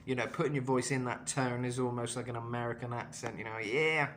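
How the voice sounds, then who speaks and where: A man's voice: mid-range voice, level tone, fast talker, slight background noise. A man giving a casual vocal lesson in a chatty way, full of fillers and asides. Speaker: vocal coach.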